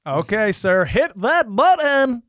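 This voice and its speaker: A man co-hosting a podcast, jokey and upbeat, thanking guests and reading out shout-outs. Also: very high-pitched, very animated, takes it slowly, no echo, clean studio sound. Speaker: podcast co-host. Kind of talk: casual podcast chat with sign-offs.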